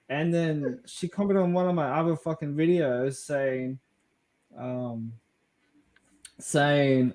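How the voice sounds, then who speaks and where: A man's voice: a little high, measured pace, darkish tone. A young Australian man, a podcast co-host, telling a crude story in casual chat, swearing and laughing as he goes.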